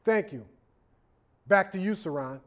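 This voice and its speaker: Slow, high-voiced man pleading dramatically. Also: expressive. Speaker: segment host. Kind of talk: mock appeal monologue.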